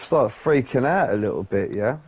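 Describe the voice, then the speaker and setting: A man, telling a sweary, animated story in casual chat. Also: medium pitch, normal speed. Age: 30s. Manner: sweary, animated, acts out voices. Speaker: podcast co-host. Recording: dull lo-fi sound with faint noise.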